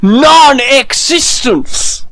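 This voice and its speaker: A speaker putting on a grandiose, slow, theatrical villain voice. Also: high voice, animated, a bit bright, no room sound, voice pushed up, full character voice.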